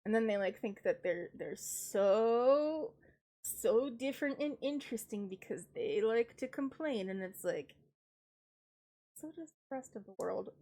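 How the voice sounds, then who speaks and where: A woman from the United States, stuffy and congested with a cold, rants wryly through a casual live-stream chat. Her voice sits a little high, and laughter keeps breaking into the grumbling. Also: lively intonation, measured pace, mellow. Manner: ranting, wry, laughs often.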